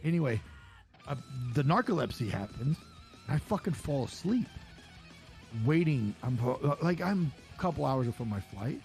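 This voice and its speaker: His voice is gravelly and a bit mellow, sing-song at a normal speed, over soft background music. As a podcast co-host in casual chat, he tells profane stories and mimics the people he quotes with a higher voice.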